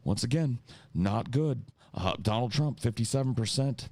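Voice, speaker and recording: A man's voice: medium pitch, animated, moderate pace, darkish tone, no room sound, voice pushed up. A man impersonating a sweaty, panicking male news pundit reading bad election results in an overwrought, whiny voice. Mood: panicked.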